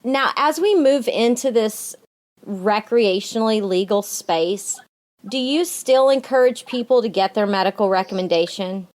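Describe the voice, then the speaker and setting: A woman's voice: medium pitch, animated, darkish tone. A woman hosting a casual podcast interview, friendly and encouraging with her guest. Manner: friendly, encouraging, quick to laugh. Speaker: podcast host.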